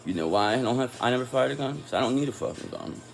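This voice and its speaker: A man's voice: medium pitch, expressive, quick pace, creaky, a little hiss or hum. A man giving a casual tarot reading, talking in an angry, profane and confrontational way. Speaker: tarot reader.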